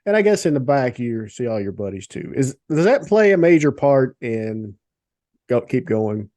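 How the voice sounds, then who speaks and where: A man's voice: medium pitch, sing-song, normal speed, a little mellow, dry recording. Podcast host, mid voice, asking his guests questions with a joke or two, dry close mic. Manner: joking interviewer. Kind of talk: interview questions.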